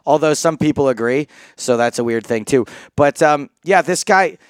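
A man's voice: fairly high pitch, unhurried, dry recording, studio quality. An American man co-hosting a podcast, joking and laughing often with rambling asides in casual banter. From United States. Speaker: co-host.

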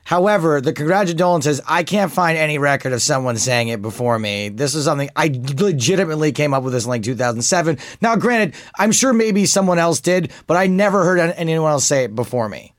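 A man's voice: a little high, animated, brisk, few pauses, no room sound, clean studio sound. A man co-hosting a podcast in casual chat, joking and rambling in a self-assured way. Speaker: podcast co-host.

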